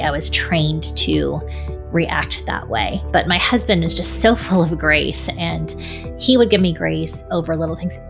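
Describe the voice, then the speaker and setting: Earnest woman with a gravelly low voice. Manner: earnest, reflective, with soft laughs. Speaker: author and speaker. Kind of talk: personal faith testimony.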